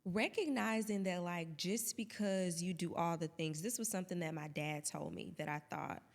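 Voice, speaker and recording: Woman, casual reflective podcast talk, lower pitch, reverberant room. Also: moderate pace, creaky. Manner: reflective, chewing over thoughts aloud. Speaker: podcast co-host.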